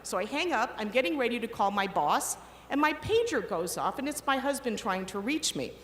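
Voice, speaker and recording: A middle-aged woman tells a lively story from a podium, her fairly high voice ringing out. The big hall gives her words a long, echoing tail, with a faint hum of the room underneath. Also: normal speed. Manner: animated, acts out quoted voices. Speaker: commencement speaker. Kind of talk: storytelling speech. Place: large ceremony hall. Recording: echoey hall with long reverb, faint ambience.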